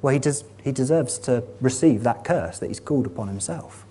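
Husky-voiced man preaching earnestly. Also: mid-range voice, fairly quick. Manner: earnest, emphatic, rising to animated exhortation. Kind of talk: sermon.

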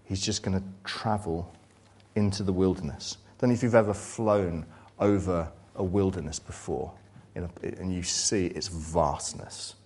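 A man preaching a sermon, reading scripture and retelling it dramatically, swinging from loud excitement to hushed, low passages. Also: a little slow, slightly rough.

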